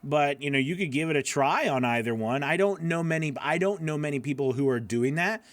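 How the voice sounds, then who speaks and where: A man's voice: on the high side, lively intonation, fairly quick, dry recording. A man hosting a live voiceover class, answering viewer questions in a loose, chatty way, with lots of fillers and laughing at himself.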